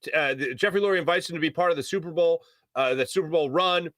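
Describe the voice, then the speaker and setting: A male sports radio host, telling a story on air in an animated way. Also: on the high side, fast talker, dry recording. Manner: animated storyteller, mimics shouting voices. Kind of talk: storytelling on a sports talk show. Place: radio studio.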